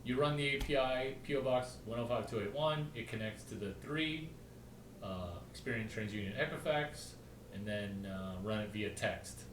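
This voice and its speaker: A man rambling through an offhand story, hopping from one topic to the next and pausing to spell things out letter by letter. He sits back from the microphone in a roomy space, so his voice carries a noticeable echo. A faint hiss of ambience sits under his talk. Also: lowish voice, far from the mic. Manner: rambling, jumps between topics, spells out names. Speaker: video host.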